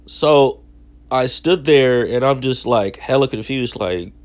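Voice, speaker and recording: A man's voice: medium pitch, takes it slowly. A young man casually telling a story from his childhood in slangy, self-mocking talk. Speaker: vlogger.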